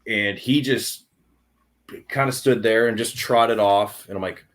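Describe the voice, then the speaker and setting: A young adult man telling a hunting story on a podcast in an excited, animated way, with many restarts. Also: fairly low pitch, a little slow. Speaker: podcast guest. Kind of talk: casual storytelling.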